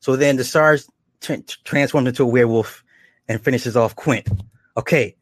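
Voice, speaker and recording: A man casually retelling horror episodes, slipping into quick acted quotes and chuckles. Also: medium pitch, dry recording, clean studio sound. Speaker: show reviewer.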